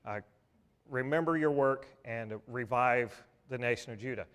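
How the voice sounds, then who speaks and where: A man's voice: mid-range voice, moderate pace, a bit bright, clear, resonant tone. A man preaching a sermon in a church in a conversational, folksy way, with restarts and asides.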